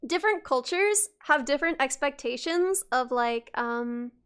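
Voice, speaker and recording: A woman's voice: high-pitched, expressive, unhurried, a bit bright. A young woman livestreaming, chatting casually with her viewers in a rambling way, with lots of restarts and fillers and frequent laughs. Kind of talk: casual chat with stream viewers.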